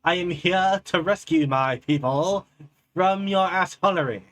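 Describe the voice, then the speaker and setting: A man's voice: high-pitched, a little slow, a bit bright, voice pushed up. A man putting on the voice of a pompous robot king, mock-solemn and overly formal.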